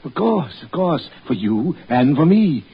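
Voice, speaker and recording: An actor playing a calm, rational doctor in a 1940s radio horror drama, measured and soothing. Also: male voice, fairly high pitch, slightly rough, full character voice. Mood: reasoning. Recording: muffled 1940s radio broadcast with faint hiss.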